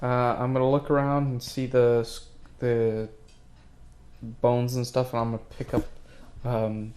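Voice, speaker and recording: A man playing at a tabletop game, working through his moves in a casual, halting way. His voice sits at a middle pitch for a man. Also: little pitch movement, dark tone. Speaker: player.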